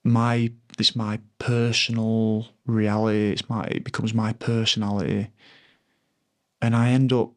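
A man in his thirties, a former rugby player, talking reflectively and earnestly in a podcast interview, often pausing to find his words. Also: fairly low pitch, flat delivery.

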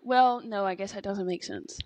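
A young woman co-host speaking at a middle pitch in a chatty, hedging way, swearing offhandedly as she goes. The sound is close and dry, with no room around it. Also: moderate pace, darkish tone, no echo. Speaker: podcast co-host. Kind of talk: casual chat.

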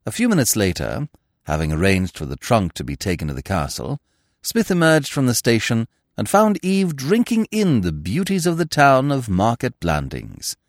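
A man narrating a classic novel in a measured, expressive storytelling manner, recorded on a close studio mic. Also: medium pitch, no echo.

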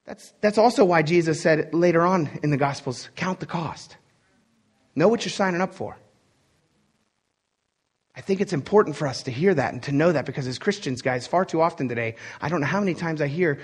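A man's voice: fairly high pitch, a little fast, long pauses, slightly rough. Man preaching, loose and conversational. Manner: conversational preaching with frequent "right?" asides and chuckles. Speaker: pastor. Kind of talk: sermon.

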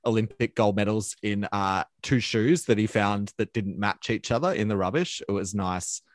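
A man co-hosting a casual history podcast, talking in a relaxed, hesitant way with ums and likes. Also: fairly low pitch, moderate pace, dry recording, clean studio sound. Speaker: podcast co-host.

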